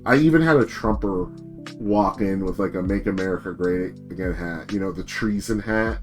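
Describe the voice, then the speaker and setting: A man's voice: low-pitched, moderate pace, soft background music. A man streaming as a VTuber, ranting in a casual, rambling way and swearing freely while telling stories on himself. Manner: rambling, profane, self-deprecating.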